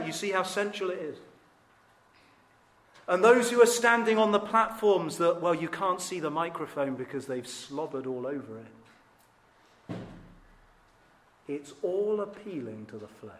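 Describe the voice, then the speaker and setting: A man preaching a sermon, earnest and emphatic, with dramatic rises in pitch and volume. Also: measured pace, pauses often, a bit bright. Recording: echoey hall.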